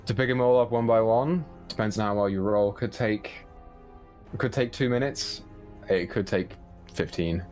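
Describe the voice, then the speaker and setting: A man's voice: lowish voice, normal speed, darkish tone, soft background music. A man acting as game master, narrating the party's actions and ruling on rolls, with frequent laughter. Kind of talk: running a tabletop game.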